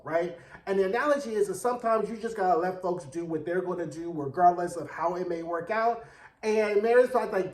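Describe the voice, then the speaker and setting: A man giving a sassy, chatty recap of a TV episode, acting out the characters' lines in quick bursts. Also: high-pitched, echoey room. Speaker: TV show reviewer. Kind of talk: casual recap commentary.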